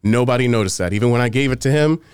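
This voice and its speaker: A man's voice: medium pitch, rapid-fire, clear, resonant tone, dry recording, clean studio sound. A man casually telling a story on a podcast, acting out what others said and swearing freely. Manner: animated, acts out quoted exchanges, swears freely.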